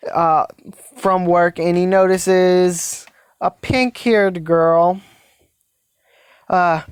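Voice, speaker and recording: A woman casually telling a made-up story, rambling and halting with many fillers and restarts. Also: fairly low pitch, darkish tone, smooth, no room sound. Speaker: fan story narrator.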